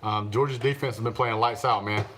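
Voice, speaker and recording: A man's voice: medium pitch, steady tone, brisk, fairly bright tone, slight background noise. A man hosting a casual live stream, reading viewer comments aloud, laughing often and answering the chat. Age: adult, father of young children. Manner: chatty, laughs often, talks back to the chat.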